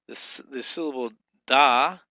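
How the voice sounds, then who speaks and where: A man teaching a recorded lesson, explaining patiently with fillers and slowly drawn-out example sounds. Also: mid-range voice, creaky, sharp tone, no echo.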